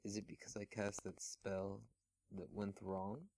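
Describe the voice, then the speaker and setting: A man reading the lines of a timid, unsure female pony turned spider in a casual fan fiction reading, in a low, slow voice that is mostly his own. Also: little pitch movement, vocal fry, a little mellow, dry recording.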